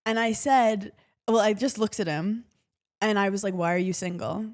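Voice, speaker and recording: A woman's voice: medium pitch, normal speed. A woman, co-hosting a podcast and telling funny stories in a casual chat, often laughing. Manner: animated storytelling with frequent laughter. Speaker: podcast co-host.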